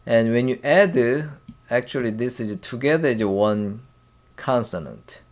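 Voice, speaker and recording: A man with a Korean accent teaching a language lesson in a slow, halting way, pausing often and drilling syllables aloud. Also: mid-range voice, expressive. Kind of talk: casual whiteboard lesson.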